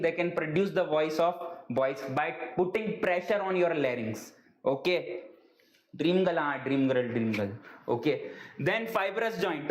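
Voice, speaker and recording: A man with an Indian English accent teaching biology in a live exam-prep class, checking "okay?" after nearly every line and slipping into joking Hindi asides. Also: a little high. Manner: joking, answers viewer questions. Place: teaching room with a skeleton model. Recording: echoey room.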